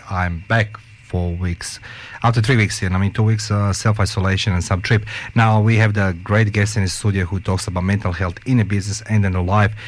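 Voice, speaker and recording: A male radio host chatting casually with studio guests, joking around and interrupting with halting restarts. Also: on the low side, a little hiss or hum.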